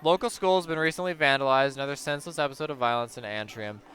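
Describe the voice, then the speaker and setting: A man's voice: mid-range voice, fast talker, a bit bright, close to an everyday voice. A man voicing a modest watchmaker guest at a gala, speaking mildly and without hurry.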